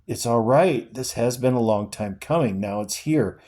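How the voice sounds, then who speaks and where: A man reading aloud and voicing a dying father who gently urges his son on. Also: mid-range voice, moderate pace, lightly acted. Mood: tender. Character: dying father, weary, tender and steadfast.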